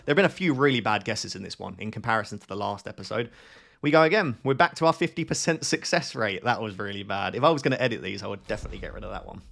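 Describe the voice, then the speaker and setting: A man's voice: fairly low pitch, animated, very fast, gravelly, hardly any pauses, fairly bright tone. Man thinking aloud over a game. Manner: thinks aloud, questions himself. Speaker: gaming channel host. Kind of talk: live gameplay commentary.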